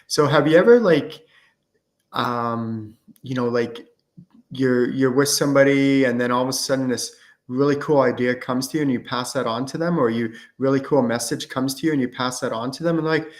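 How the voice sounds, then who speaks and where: A man's voice: mid-range voice, moderate pace. A middle-aged man answers viewer questions on a live stream in a loose, conversational way. He fills his talk with "like" and "um" and slips into acted-out back-and-forths. His voice sits in an ordinary middle range. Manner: casual and chatty, many fillers, acts out student exchanges. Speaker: host and channeling teacher.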